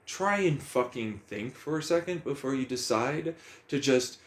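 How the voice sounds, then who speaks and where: A man's voice: medium pitch, animated, normal speed, creaky. A man talking bluntly about emotions in a casual, profane monologue, firing questions at himself.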